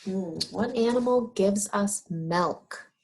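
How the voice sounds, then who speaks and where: A woman teaching young children, asking questions about farm animals and answering them in a drawn-out, encouraging way. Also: medium pitch. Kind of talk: slow, sing-song teaching of young children.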